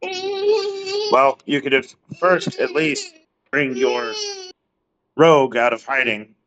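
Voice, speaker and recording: A man's voice: mid-range voice, big pitch swings, slow pace, fairly bright tone, highs cut off. Man putting on Yandrel, a blunt giant jarl. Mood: stern. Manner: blunt, commanding. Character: huge stern male jarl, a city's ruler.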